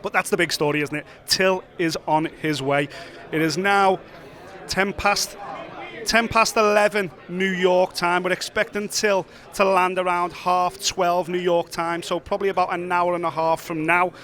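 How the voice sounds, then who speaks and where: A high-voiced man with a bright, forward tone hosts a casual walk-and-talk vlog. He chats quickly and excitedly and swears freely. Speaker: host.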